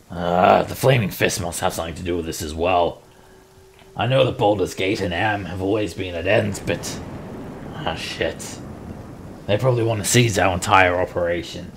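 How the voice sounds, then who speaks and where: A man voicing a gruff male sea captain who mutters curses and grim plans. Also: slight background noise. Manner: grim, swearing, low and muttering.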